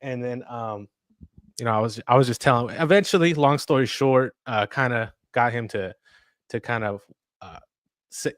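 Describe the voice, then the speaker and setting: A man's voice: medium pitch, normal speed, dry recording, studio quality. A man co-hosting a podcast, casually telling a story with lots of fillers and acted-out quotes. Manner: rambling storyteller, acts out quotes, many fillers. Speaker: podcast co-host. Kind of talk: casual chat.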